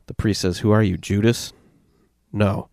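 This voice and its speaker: A man hosting a podcast, retelling a dark story and reading the quoted lines aloud in a steady, matter-of-fact way. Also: fairly low pitch, measured pace, vocal fry, no echo, studio quality. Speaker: podcast host.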